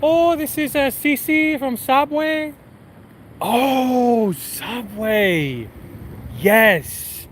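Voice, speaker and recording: A man's voice: very high-pitched, lively intonation, drawn-out words, a little hiss or hum, voice pushed up, full character voice. A man voicing a flustered, sulky female sandwich-shop manager who stammers and repeats herself.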